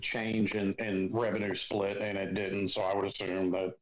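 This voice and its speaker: A man's voice: low voice, level tone, normal speed, reverberant, poor audio. A man co-hosting a sports podcast, blunt and sarcastic, swearing freely in casual talk. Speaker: podcast co-host.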